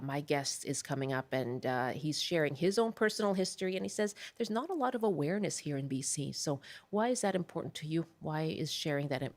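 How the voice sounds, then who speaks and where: A woman hosting a public radio show, friendly and chatty, laughing easily with her guests. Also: deep voice. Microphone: studio microphone.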